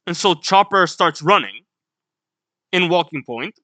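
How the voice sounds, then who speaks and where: A man reading a comic aloud and reacting bluntly, swearing now and then. His speech is unhurried, and his pitch is lively with wide swings. The sound is bright and dry. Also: no room sound. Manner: reads panels aloud, blunt, swears, laughs at the story. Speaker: manga reaction host. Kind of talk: casual read-along reaction.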